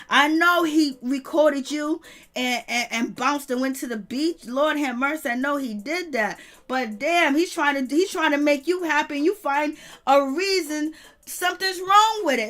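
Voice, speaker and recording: High-voiced sassy woman ranting. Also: expressive, moderate pace, fairly bright tone. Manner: sassy, blunt, laughs often, talks to chat. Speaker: reality TV commentator. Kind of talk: casual live-stream commentary.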